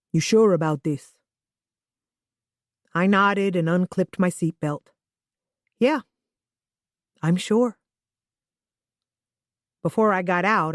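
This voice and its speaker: Low-voiced woman narrating a thriller. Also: no echo, studio quality. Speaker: audiobook narrator. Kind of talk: scripted first-person thriller narration.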